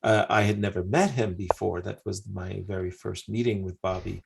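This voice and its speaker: An older male chess commentator with a low, gravelly voice. He tells stories in a relaxed chat, breaking into laughing asides as he goes. A faint hiss sits behind him. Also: normal speed. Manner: animated anecdotes with laughing asides. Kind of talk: casual storytelling commentary.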